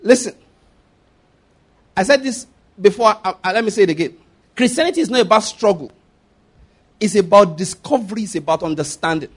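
High-pitched male preacher, emphatic and repetitive sermon delivery. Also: expressive, brisk, husky. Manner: emphatic, repeats phrases, asks listeners if they follow.

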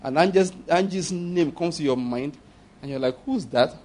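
A man's voice: a little high, moderate pace, darkish tone. A man preaching a sermon, acting out prayers and asking the congregation rhetorical questions. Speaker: pastor.

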